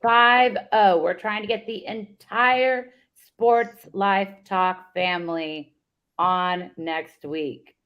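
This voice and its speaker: A woman's voice: lowish voice, fairly even intonation, slow pace, smooth, highs cut off. A woman co-hosting a casual sports podcast, wrapping up the episode in an upbeat, promotional way. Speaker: podcast co-host.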